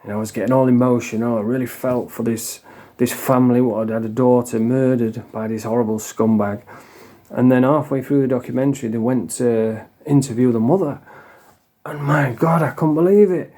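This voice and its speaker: A man's voice: medium pitch, fairly even intonation, a little fast, warm tone. A middle-aged man with a Yorkshire accent, ranting bluntly and swearing freely in a monologue vlog. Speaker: vlogger.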